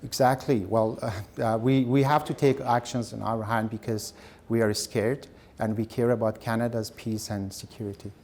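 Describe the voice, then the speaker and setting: A man's voice: medium pitch, steady tone, moderate pace, hardly any pauses, darkish tone. A man with as his answering interview questions earnestly, with some hesitation.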